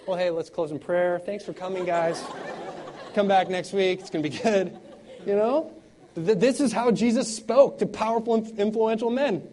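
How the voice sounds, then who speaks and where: Guy preaching, kinda higher voice but mellow, gets loud then drops way down quiet, laughs between points. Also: fairly quick, low-quality recording. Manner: dynamic preaching, swinging from loud exclamations to quiet intensity. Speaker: pastor. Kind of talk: sermon.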